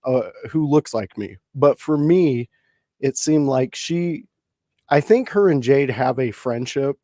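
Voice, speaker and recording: A man's voice: mid-range voice, animated, slow pace, mellow, dry recording, clean studio sound. A man co-hosting a casual livestream chat, talking thoughtfully and hesitantly with many fillers. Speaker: podcast co-host.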